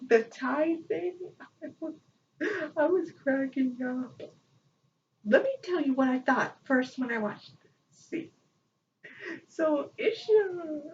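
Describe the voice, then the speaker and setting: A woman chatting casually as a vlogger, excitable and rambling, often breaking into laughter. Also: high-pitched. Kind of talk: casual chat. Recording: distant, dull lo-fi mic with faint noise.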